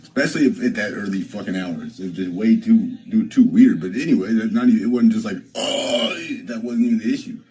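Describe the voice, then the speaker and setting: A man's voice: on the low side, a little fast, hardly any pauses, mellow, rough recording. A man livestreaming, telling a story to his viewers in a rambling, profane way, with frequent restarts and repeated phrases. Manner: addresses viewers directly. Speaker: livestreamer answering chat.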